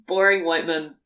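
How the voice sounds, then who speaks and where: Animated woman rambling with laughs. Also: on the low side. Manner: rambling, laughs often, trails off with fillers. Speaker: podcast co-host. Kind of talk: casual chat.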